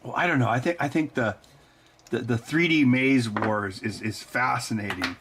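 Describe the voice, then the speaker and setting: Jokey self-deprecating man, bright voice. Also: mid-range voice, normal speed, husky. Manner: self-deprecating, jokey, talks to his cat. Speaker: livestream host tinkering with electronics. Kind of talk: casual chat.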